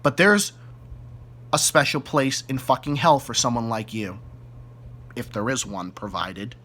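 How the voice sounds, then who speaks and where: Medium in pitch and sharp in tone, a Boston-accented YouTube ranter speaks unhurriedly as he vents straight into the camera. His angry, profane tirade leans on repeated insults.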